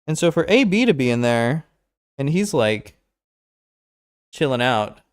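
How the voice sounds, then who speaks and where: A male streamer reacting live, blunt and profane. His pitch swings widely as he rambles and restarts. His voice sits at an ordinary middle pitch. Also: sing-song, a little slow.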